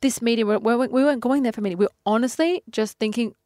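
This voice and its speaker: A woman in her twenties from Adelaide with an Australian accent, a fitness trainer telling lively stories in an interview, acting out quotes and laughing often. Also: fairly high pitch, quick pace, dry recording, studio quality. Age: 20s. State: pregnant. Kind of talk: casual interview.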